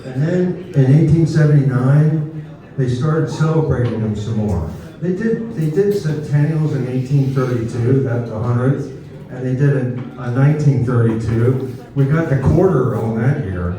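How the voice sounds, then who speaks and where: Man, folksy public speaker, dark mellow tone, caught far off in a roomy echo. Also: medium pitch, normal speed. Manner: folksy, leads the crowd in call and response. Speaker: speaker at a historical birthday celebration. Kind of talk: informal public talk to an audience. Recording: distant, very echoey room.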